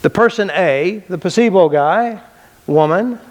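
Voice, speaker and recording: A man's voice: sits high, animated, unhurried, a little mellow. Emphatic man lecturing a class. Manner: emphatic, repeats key phrases, asks and answers his own questions; casual and blunt, with loose restarts. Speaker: teacher of a mind-body healing method.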